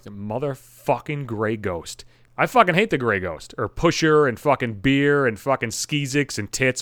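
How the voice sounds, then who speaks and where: A man's voice: medium pitch, fairly bright tone, no echo, studio quality. A man hosting his own podcast, ranting at home with constant swearing and exasperation. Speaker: podcast host. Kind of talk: profane comedic rant.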